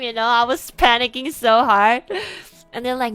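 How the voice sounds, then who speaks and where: Rambling young woman with a smooth voice. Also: on the high side, fairly even intonation, a little slow, a bit bright, no room sound, faint music behind. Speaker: streamer. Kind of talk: storytelling to a live audience.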